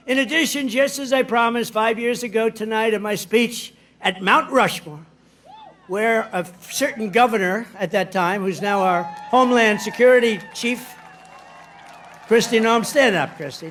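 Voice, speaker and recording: A man's voice: high-pitched, a bit bright. A man giving a rally speech in a rambling, boastful, digressive way. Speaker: politician addressing a rally.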